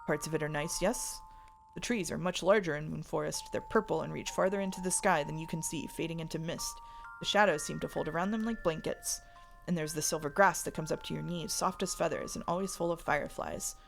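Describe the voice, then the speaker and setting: A woman voicing a proud, brooding young male hunter prince in a visual novel, talking in a gruff, defensive, commanding way. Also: low-pitched, fairly quick, faint music behind. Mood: wistful.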